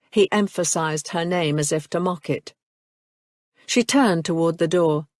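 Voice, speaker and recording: Slow, low-voiced woman narrator. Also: no echo, clean studio sound. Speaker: audiobook narrator. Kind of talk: scripted narration.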